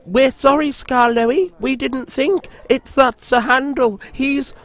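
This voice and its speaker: A man voicing a chorus of cross, rude railway coaches in a storybook, shrill and screaming. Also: fairly even intonation, takes it slowly, fairly bright tone, heavily acted. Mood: meek.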